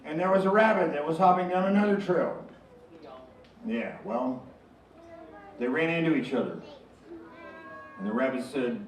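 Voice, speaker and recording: A man's voice: on the high side, moderate pace, long pauses. A man doing stand-up comedy while handling a live snake, telling jokes and chuckling at his own punchlines. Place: live show before an audience. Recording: echoey room from far off. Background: audience.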